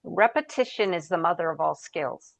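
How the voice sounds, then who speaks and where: A woman's voice: on the low side, animated, moderate pace, vocal fry. A woman guest on an interview podcast, telling stories and advice in a conversational way, sometimes searching for words. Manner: storytelling, searches for words, quotes herself and others. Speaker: podcast guest, founder and coach.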